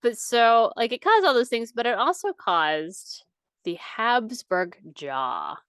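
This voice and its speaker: Her voice sits on the higher side, smooth and fairly bright, expressive but slow, with no echo. She's a young adult woman co-hosting a casual podcast, chatty and profane, with plenty of "like" in her speech.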